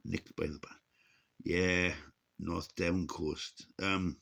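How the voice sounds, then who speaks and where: A man's voice: low-pitched, little pitch movement, slow pace, vocal fry, a bit bright. A man in his sixties talks in a rambling, casual vlog monologue, chuckling and cursing, his speech slightly unclear from missing teeth. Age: 60s. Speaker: vlogger.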